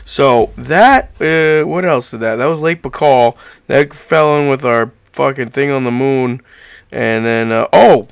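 A man's voice: medium pitch, unhurried, vocal fry, clean tone, no room sound. A man co-hosting a casual chat, rambling through stories with heavy swearing and lots of fillers. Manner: animated storytelling. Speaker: podcast co-host.

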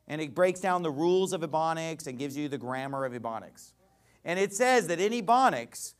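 Animated high-pitched male preacher. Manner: animated, mocking, emphatic. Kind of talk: sermon.

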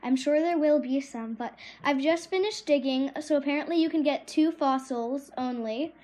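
A woman hosting a gameplay podcast, gushing and excitable as she talks through what she is doing. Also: high-pitched, normal speed. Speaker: podcast host.

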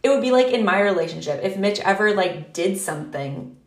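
A woman's voice: medium pitch, fairly quick, reverberant. A woman co-hosting a podcast in casual chat, talking animatedly, full of "like" and casual swearing. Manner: animated, fillers with "like", swears freely. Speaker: podcast co-host.

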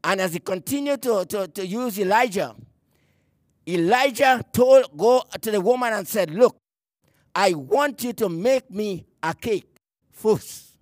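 A man preaching a sermon in a strikingly high voice, recorded dry and close. He is emphatic, lingers on the words he wants stressed, and sometimes repeats a word as he reaches for the next one. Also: animated, dry recording. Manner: emphatic, slowing to stress key words, repeats words mid-phrase; reads scripture aloud in archaic phrasing.

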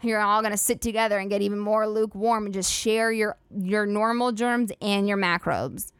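Smooth studio-quality audio with no echo carries a woman's mid-range voice, fairly even in intonation and moderate in pace. She's a solo comedy podcast host who rambles, curses freely and leans heavily on "like."

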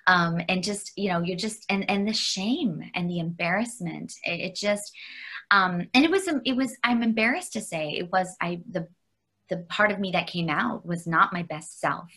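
A woman from Canada, a guest on an interview, telling a personal story candidly, halting with fillers and restarts and laughing often. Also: lowish voice, sharp tone.

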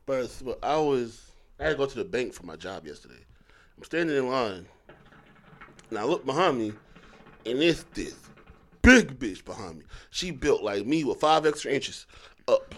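A man's voice: mid-range voice, very animated, moderate pace, long pauses. A young man co-hosting a podcast, joking and laughing through casual stories. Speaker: podcast co-host. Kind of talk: casual chat.

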